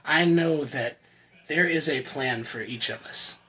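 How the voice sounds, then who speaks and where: A man giving an earnest, emotional personal faith testimony to the camera, often halting and repeating words. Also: a little high, bright, forceful tone, husky, poor audio. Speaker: channel host sharing his recovery testimony.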